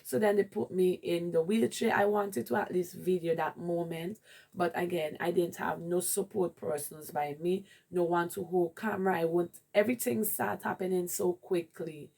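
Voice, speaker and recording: A woman's voice: fairly low pitch, fairly even intonation, moderate pace, vocal fry, a little mellow. A woman with a Jamaican accent candidly telling a rambling personal story in a vlog. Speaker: vlogger.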